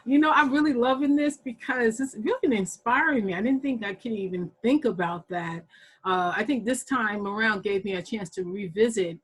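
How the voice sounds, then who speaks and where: A woman's voice: on the high side, normal speed, slightly rough, rough recording. A woman hosting an online gardening workshop, chatty and enthusiastic, often laughing as she asks questions. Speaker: workshop host. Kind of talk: casual online workshop moderating.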